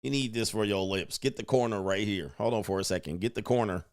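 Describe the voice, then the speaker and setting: A man's voice: on the low side, fast talker, clean tone. A man, a dating coach host, reacting to a video with mocking commentary and laughing asides.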